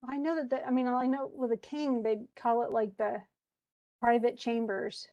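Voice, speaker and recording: A woman's voice: fairly high pitch, flat delivery, moderate pace, mellow, lo-fi sound. A woman teacher giving an informal, chatty lesson. She digresses and paraphrases old text into plain everyday words. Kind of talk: informal lesson explaining a play.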